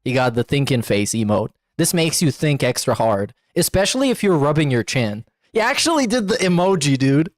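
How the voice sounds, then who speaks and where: A man's voice: a little high, big pitch swings, a little fast, few pauses, no room sound, studio quality. A man streaming live, thanking members and mocking a video he is watching with sarcastic running commentary.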